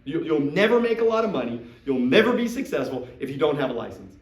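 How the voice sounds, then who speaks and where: A man's voice: a little high, quick pace, reverberant, far from the mic, rough recording. A man coaching recruits in a live talk to a group, acting out sales dialogues. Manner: animated, acts out sales dialogues. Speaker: business trainer coaching recruits.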